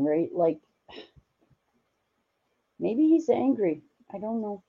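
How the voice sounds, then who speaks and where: Woman rambling to her chat while crafting, slow and kind, lots of ums, slightly muffled audio. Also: mid-range voice, expressive. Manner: rambling, gently reassuring, many fillers. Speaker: livestreamer answering chat.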